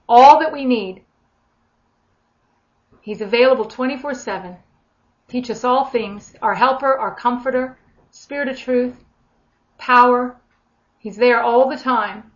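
Middle-aged female preacher, higher-pitched, informal and animated sermon delivery; muffled low-fidelity audio. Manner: animated, acts out quoted voices with big swings in loudness. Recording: dull lo-fi recording.

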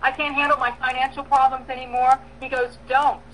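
A woman preaching a sermon, emphatic, with bursts of loud stress and soft pauses, acting out prayers and dialogue. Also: high-pitched, level tone, slight background noise, rough recording. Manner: acts out prayers and quoted dialogue.

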